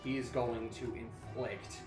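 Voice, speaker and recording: A man's voice: medium pitch, flat delivery, measured pace. A man narrating as game master of a tabletop game, talking casually with fillers and restarts. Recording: roomy sound with music behind.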